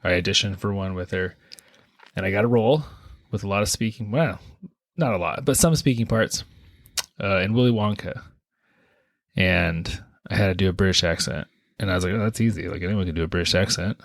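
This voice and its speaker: A man's voice: sits low, brisk, creaky, dry recording, clean studio sound. A man co-hosting a podcast in casual, joking chat, laughing at his own stories. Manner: relaxed, joking, laughs at himself. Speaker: podcast co-host.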